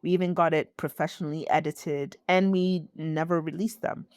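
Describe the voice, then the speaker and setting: A woman from Ghana hosting her own podcast, talking in a slow, heartfelt, reflective way. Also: deep voice, steady tone, a little mellow, dry recording, clean studio sound. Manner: slow, heartfelt, with sighs and laughs. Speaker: podcast host. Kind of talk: reflective solo podcast talk.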